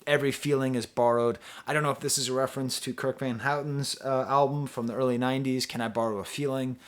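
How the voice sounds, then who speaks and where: A man giving a casual, rambling album review, breaking off into asides to the viewer, his pitch and loudness jumping up and dropping low. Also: quick pace. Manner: animated, pitch and loudness swing widely. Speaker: music reviewer, channel host.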